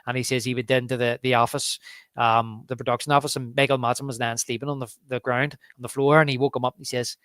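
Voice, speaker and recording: A man's voice: mid-range voice, fast talker, smooth, dry recording. A man co-hosting a casual film podcast, telling behind-the-scenes stories with lots of restarts and repeated words. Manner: animated anecdote-telling with frequent restarts. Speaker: podcast co-host.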